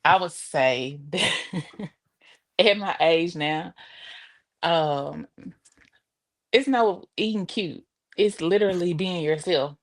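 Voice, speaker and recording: A woman's voice: fairly low pitch, slow pace, long pauses, dry recording, clean studio sound. A forty-year-old woman, a podcast guest in casual chat, laughing often and reacting candidly. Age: 40s.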